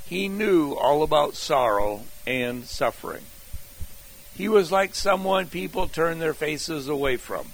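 A man preaching slowly from a sermon outline and repeating key phrases, then reading scripture aloud. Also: mid-range voice, a bit bright, low-quality recording. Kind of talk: slow scripture teaching from an outline.

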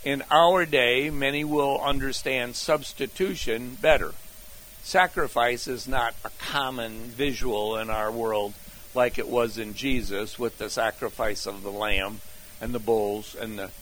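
An older man preaches at an unhurried pace, his voice sitting at a middle pitch. He moves through his sermon outline point by point, deliberate and steady. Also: slight background noise, rough recording. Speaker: pastor.

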